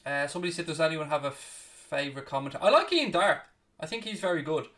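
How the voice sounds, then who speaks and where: A man's voice: fairly high pitch, lively intonation, a bit bright. Brit guy doing live footy watchalong, names every pass, swears at chat, sounds kinda far from mic. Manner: blunt, snippy with chat, swears freely; rapid play-by-play naming each pass. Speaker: watchalong host. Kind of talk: live football watchalong commentary.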